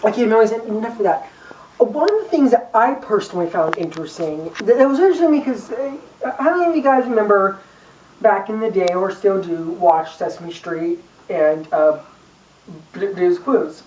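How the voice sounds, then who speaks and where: Chatting animatedly about a book, a young woman vlogs for YouTube in a mid-range, slightly mellow voice at a moderate pace. She rambles with plenty of fillers and small jokes while a camera person films her, and the sound comes from far off in an echoey room.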